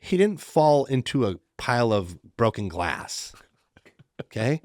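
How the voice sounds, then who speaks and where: A man's voice: mid-range voice, measured pace, no room sound, clean studio sound. A middle-aged man co-hosting a podcast, telling a story in casual chat and acting out the quoted lines. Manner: animated storyteller who acts out the quoted lines. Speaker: podcast co-host.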